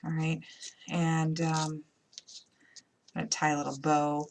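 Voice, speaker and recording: A woman's voice: low voice, completely flat delivery, unhurried, darkish tone, slight background noise. Chatty upstate New York woman crafting. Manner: chatty, playful, thinks aloud while working. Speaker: crafting demo host. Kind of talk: live crafting tutorial, casual chat.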